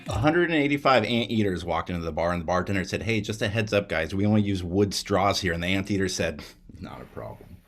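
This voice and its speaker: A man improv player telling deadpan jokes, dropping his voice for the punchlines. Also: low voice, fast, hardly any pauses.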